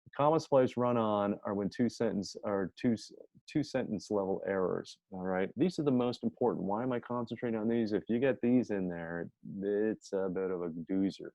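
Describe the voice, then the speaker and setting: A man's voice: fairly low pitch, moderate pace, dark tone, no echo. A man teaching a grammar lesson in a chatty way. He often corrects himself and reads his example sentences aloud. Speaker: writing teacher. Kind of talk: informal grammar lecture. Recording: dull dry lo-fi sound.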